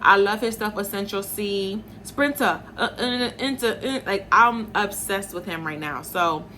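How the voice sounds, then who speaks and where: Chatty opinionated woman host, bright voice. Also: medium pitch, unhurried, slight background noise. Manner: chatty, opinionated, addresses viewers as y'all. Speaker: host and journalist. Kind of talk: casual chat to viewers.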